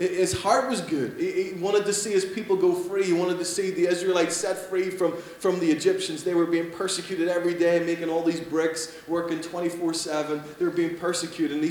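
A man preaching in a very echoey room, his voice a little higher than most. He swings between loud, emphatic lines and soft, hushed ones. A faint hum sits under the recording. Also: fairly even intonation, brisk. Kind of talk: sermon.

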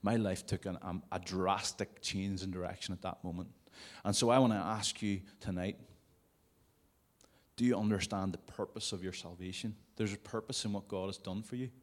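Guy preaching at a church service, lowish voice, chatty with little jokes on the side. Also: fairly even intonation, moderate pace. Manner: conversational, with jokey asides. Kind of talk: sermon. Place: church service before a congregation.

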